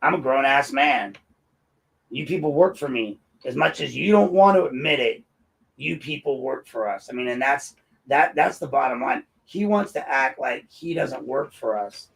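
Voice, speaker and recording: A man's voice: mid-range voice, expressive, normal speed, gravelly, poor audio. Combative, sarcastic male commentary host. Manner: combative and sarcastic, talks straight at his critics. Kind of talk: opinionated commentary.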